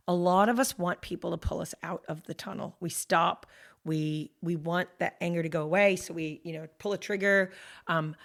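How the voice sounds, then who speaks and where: A woman's voice: fairly low pitch, creaky. A woman guest on a podcast talking candidly and animatedly, acting out her own inner thoughts in quoted asides. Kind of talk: candid conversational storytelling.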